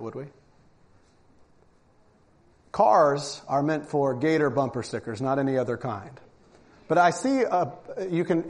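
A man's voice: a little high, a little mellow. Emphatic man preaching a sermon. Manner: emphatic preaching with scripture reading. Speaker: pastor.

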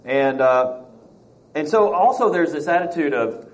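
Guy teaching bible study to a small group, reads verses n asks questions, kinda high voice. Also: expressive, unhurried, low-quality recording. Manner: reads scripture aloud, acts out quotes, asks the class questions.

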